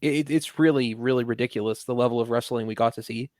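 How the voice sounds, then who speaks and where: Fast-talking dry-voiced male podcast host. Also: medium pitch, fairly even intonation, darkish tone, no echo. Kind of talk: casual chat.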